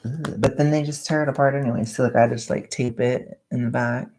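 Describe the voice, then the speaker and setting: A woman's voice: extremely low pitch, fairly even intonation, fairly quick, darkish tone, a little hiss or hum. A woman chatting casually on a livestream while wrapping gifts, rambling and joking at her own expense. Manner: rambling, self-mocking, joking. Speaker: vlogger livestreaming.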